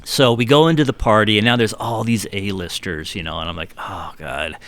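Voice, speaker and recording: A middle-aged man with a fairly low voice tells a long, rambling story about himself in a laid-back chat. He acts out the voices of the people in it as he goes. The sound is close and dry, with no room echo. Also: fairly quick. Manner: animated anecdotes with acted-out quotes; self-deprecating, rambling. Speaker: guitar builder guest. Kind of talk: casual storytelling on a podcast.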